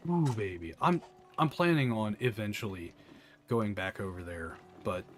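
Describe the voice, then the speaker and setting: A man from the American South with a Southern accent, casually chatting while playing a game, rambling through animated asides. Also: on the low side, normal speed, soft background music. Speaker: gameplay commentator. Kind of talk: casual gameplay chat.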